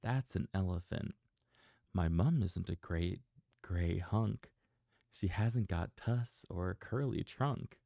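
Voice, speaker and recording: A man's voice: sits low, takes it slowly, gravelly, dark tone, no echo, clean studio sound, exaggerated voice. A man voicing a little lost baby monkey in a bedtime storybook reading, speaking insistently in rhyme. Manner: insistent, rhyming storybook lines.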